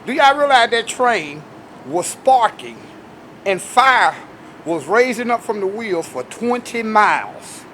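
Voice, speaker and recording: High-voiced, fired-up male vlogger. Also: slow pace, a little hiss or hum. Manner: animated, emphatic, talks straight to his viewers. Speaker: video host. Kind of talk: casual commentary to camera.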